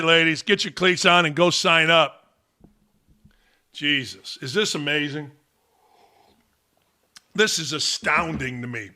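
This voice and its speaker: A man's voice: sits high, sharp tone. A man hosting a sports talk show, ranting bluntly and scornfully in an exasperated way. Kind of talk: opinionated podcast rant.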